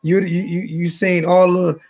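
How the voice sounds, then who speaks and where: A man's voice: high voice, flat delivery, measured pace, darkish tone, husky, soft background music. A man hosting a casual fan call-in show in a Southern US accent, loose and repetitive, often restarting his sentences.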